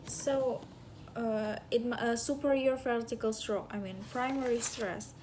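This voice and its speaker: Slow, halting young woman reviewing lessons. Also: on the high side, fairly even intonation, darkish tone, a little hiss or hum. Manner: halting, searching for words, self-correcting. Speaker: student giving a class review. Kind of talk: spoken course review.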